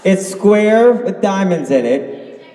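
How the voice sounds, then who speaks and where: A man's voice: sits high, expressive, takes it slowly, mellow. A man from Canada joking around on a convention panel, playful and laughing. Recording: echoey hall from a distance.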